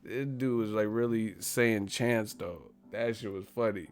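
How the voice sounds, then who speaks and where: A man's voice: fairly low pitch, a little slow, hardly any pauses, faint music behind. A man hosting a casual live stream, profane and laughing often as he reacts to the chat.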